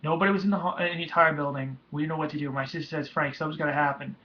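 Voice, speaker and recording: A young man tells a painful personal story in a slightly high voice. He is halting and emotional and often restarts his sentences. The recording is dull and lo-fi. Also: steady tone. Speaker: vlogger.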